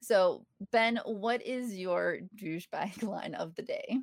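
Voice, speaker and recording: A woman's voice: mid-range voice, takes it slowly, vocal fry, no room sound. A woman co-hosting a casual podcast chat, animatedly quoting lines and laughing as she goes. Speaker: podcast co-host. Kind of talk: casual chat reviewing a sitcom episode.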